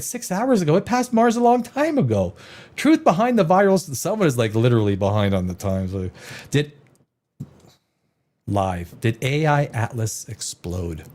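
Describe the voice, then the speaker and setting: Male stream host, sarcastic and rambling, animated voice on the high side. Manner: sarcastic, rambling, laughs at headlines. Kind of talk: casual live stream commentary.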